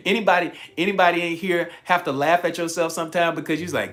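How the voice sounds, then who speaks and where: This livestream host and coach speaks at a moderate pace in a voice that's a little high. Energetic and chatty, he says viewers' names in greeting and keeps repeating key phrases throughout his coaching talk.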